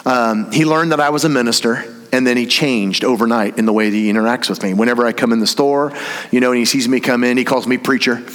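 A Tennessee pastor preaches a sermon in a reverberant church hall, telling a story with humor and acted-out voices. His mid-range voice is steady, fast and a bit bright.

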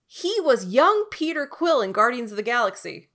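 Chatty woman, slightly high voice. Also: moderate pace. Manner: chatty, animated storytelling with many fillers. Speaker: podcast co-host. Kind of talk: casual chat recapping a TV show.

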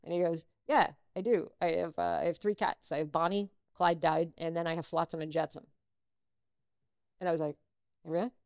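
A middle-aged actress, a guest in a casual interview, telling personal stories and acting out what others said. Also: female voice, on the low side, fairly quick, creaky, dry recording, clean studio sound. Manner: animated, acts out quoted dialogue.

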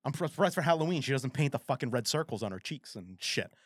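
A man co-hosting a podcast in casual chat, animated and rambling, with frequent swearing. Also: medium pitch, quick pace, slightly rough, no room sound, studio quality. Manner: animated, profane, rambling storyteller. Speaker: podcast co-host.

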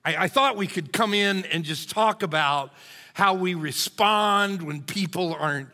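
Brief: male pastor, bright, fairly high voice, hoarse, folksy sermon delivery in a reverberant sanctuary. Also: unhurried. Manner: folksy, conversational, storytelling. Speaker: lead pastor. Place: church sanctuary. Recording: long reverb of a church hall.

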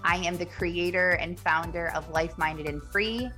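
A woman in her thirties hosts a motivational podcast in a lowish voice at a measured pace, with reverb and soft background music. She's chatty and animated, casually acting out her own inner voice.

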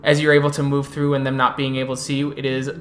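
A woman's voice: a bass voice, monotone, quick pace. A woman narrating as storyteller of a tabletop game, describing scenes in the second person, over background music.

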